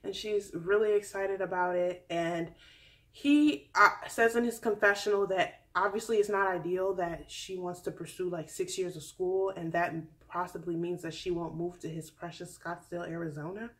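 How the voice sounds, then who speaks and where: A woman's voice: fairly low pitch, fairly even intonation, normal speed. A woman in her twenties chats through a casual recap. Her tone is sassy and candid, full of playful asides and teasing jabs. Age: 20s. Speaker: vlogger recapping a reality dating show.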